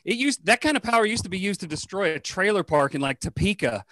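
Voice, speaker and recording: A man's voice: sits high, expressive, fairly bright tone, no echo. Profane stand-up comic man, dry sound. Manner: crude, profane, quick riffing. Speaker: stand-up comedian. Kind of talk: stand-up comedy set.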